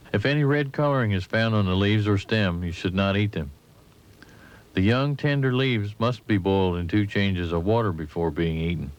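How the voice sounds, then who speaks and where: A man giving measured, instructive scripted narration for an instructional film, recorded as a voice-over. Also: on the low side, clean tone. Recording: dull lo-fi 1980s training film audio.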